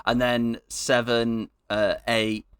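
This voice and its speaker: A man's voice: mid-range voice, level tone, slow, a bit bright, smooth. A man hosting a casual comedy podcast, joking, swearing and laughing as he talks. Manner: jokey, sweary, laughs often. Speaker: podcast host.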